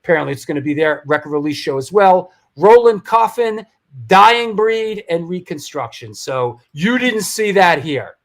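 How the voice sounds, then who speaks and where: A man's voice: high-pitched, animated, normal speed. A man hosting a live show, reading sponsor spots and event announcements in a rambling, jokey way that often stumbles over words. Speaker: host.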